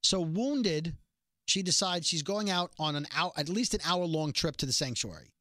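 Speaking at a normal pace in a medium pitch, this podcast host recaps a TV episode casually and with snark, performing the scenes in an animated, sarcastic way. The booth sound is dry, with no echo.

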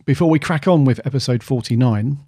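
A man's voice: medium pitch, a little fast, warm tone, breathy edge, no room sound, clean studio sound. A man hosting a casual podcast, chatty and jokey with plenty of slang. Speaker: podcast host.

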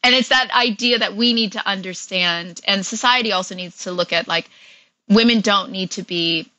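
Woman, actress guest, casual interview, bright tone, chatty with fillers, dry close sound. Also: medium pitch, moderate pace, dry recording, rough recording. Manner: chatty, many fillers, laughs often.

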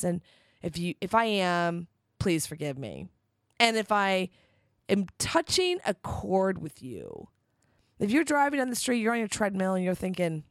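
Female podcast host, solo motivational monologue, emphatic bursts, lively intonation. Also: mid-range voice, measured pace, dry recording, clean studio sound. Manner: candid and rambling, with bursts of emphatic energy.

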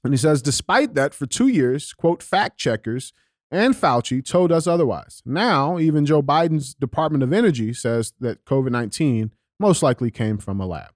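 A man's voice: medium pitch, moderate pace, no room sound, studio quality. A young man hosting a casual political podcast, reading out news and tweets with lots of fillers, restarts and swearing. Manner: animated, profane, many fillers and restarts. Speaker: podcast host.

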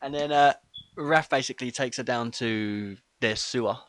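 A man's voice: mid-range voice, moderate pace, fairly bright tone. A man co-hosting a podcast, recapping a film's scenes in casual chat and laughing often. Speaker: podcast co-host.

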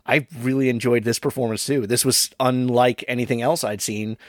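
Male podcast host, mid-pitched, measured and reflective, dry close recording. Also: fairly even intonation, no room sound. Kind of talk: casual film discussion.

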